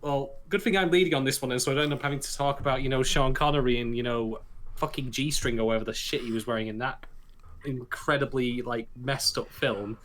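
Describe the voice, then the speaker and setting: A man's voice: mid-range voice, fairly even intonation, a little fast, a bit bright. A man co-hosting a podcast in casual chat, joking, teasing and swearing freely. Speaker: podcast co-host.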